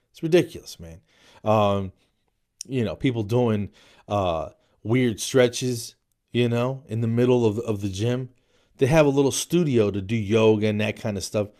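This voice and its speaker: A podcast host in his forties, originally from New Jersey, speaks at normal speed with a fairly low pitch and darkish tone. He keeps the monologue jokey and comedic, peppering it with "man" and "dude."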